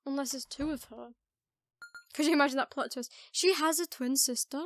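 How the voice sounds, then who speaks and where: A woman's voice: sits high, moderate pace, faint music behind. A woman streamer making casual, musing asides while reading a visual novel.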